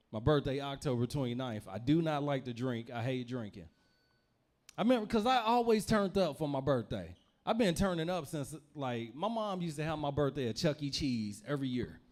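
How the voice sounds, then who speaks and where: A man's voice: a little high, big pitch swings, normal speed. A young man from Louisville, Kentucky, doing a stand-up comedy set in a loose, rambling storytelling manner with repeated phrases.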